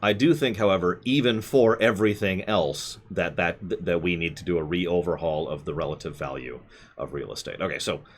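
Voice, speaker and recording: A man's voice: low-pitched, moderate pace, husky. A man streaming live, answering chat with rambling, self-correcting opinions.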